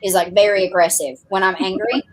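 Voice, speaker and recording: A woman's voice: mid-range voice, a little fast, a little hiss or hum. A woman with a Southern US accent, a romance author chatting animatedly on a podcast. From American South. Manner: animated, chatty, laughs often. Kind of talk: casual chat.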